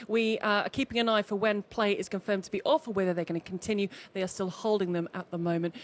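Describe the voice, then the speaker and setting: Fast-talking woman studio host. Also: medium pitch. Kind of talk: live studio sports chat. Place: television studio.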